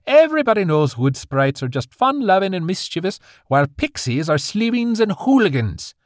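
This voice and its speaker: A man's voice: medium pitch, wildly swooping pitch, a little fast, darkish tone, dry recording, studio quality, pitched above the performer's own voice. A man voicing a jovial, stubborn old grandfather fairy with a brogue. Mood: defensive.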